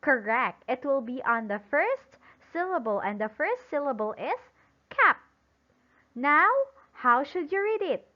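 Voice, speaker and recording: A woman teaching an English lesson slowly and emphatically, pausing for imagined answers and praising them. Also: high voice, sing-song. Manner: praising and drawing out example words. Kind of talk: recorded classroom-style lesson. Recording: dull lo-fi sound.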